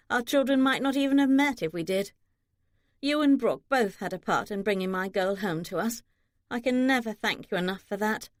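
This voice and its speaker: A woman's voice: a little high, dry recording, studio quality, natural voice. A woman reading an earnest, heartfelt mother. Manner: earnest, pleading. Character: warm middle-aged mother, heartfelt.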